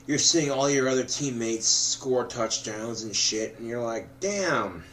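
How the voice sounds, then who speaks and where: A drunk man rambling to the camera, swearing often and breaking into loud outbursts. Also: medium pitch, fairly even intonation, unhurried, a little hiss or hum. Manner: profane, swings into loud outbursts.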